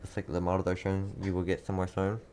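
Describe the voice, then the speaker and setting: A young man hosting live storm coverage, reading out town after town and answering chat, halting and repeating himself. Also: low voice, completely flat delivery, a little mellow, a little hiss or hum. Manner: rapid town-by-town updates, halting and repetitive. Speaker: livestream weather host.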